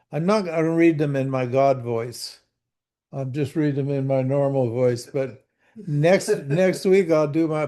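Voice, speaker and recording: Older male teacher, slow folksy delivery, mellow tone, video-call sound. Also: on the high side. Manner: folksy, asks the class questions, repeats words. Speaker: spiritual teacher. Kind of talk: conversational scripture teaching.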